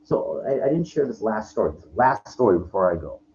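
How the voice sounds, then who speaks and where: Profane, low-voiced man ranting. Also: very animated, fairly quick, darkish tone. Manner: profane, rambling, with many restarts. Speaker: vlogger. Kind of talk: frustrated personal rant to camera. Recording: lo-fi with faint background noise.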